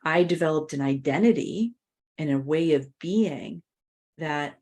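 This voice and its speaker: A reflective woman hosting a conversational podcast, her voice sitting fairly low. She speaks openly about personal matters, filling pauses with "you know". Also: darkish tone. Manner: reflective, open, many "you know" fillers. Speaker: podcast host.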